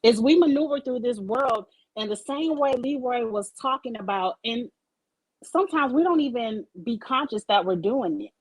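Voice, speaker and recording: Over a video call, a woman hosts a casual live-streamed talk show, speaking emphatically and candidly and swearing freely; she is also a supervisor at work. Her voice is fairly high and animated at a moderate pace, and the recording is rough.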